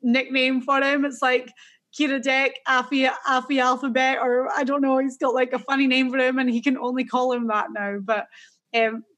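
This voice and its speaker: A Scottish woman with a high voice talks golf stats as co-host. She chats loosely and thinks aloud, with plenty of fillers along the way. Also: flat delivery, normal speed, fairly bright tone. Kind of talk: casual golf analysis chat.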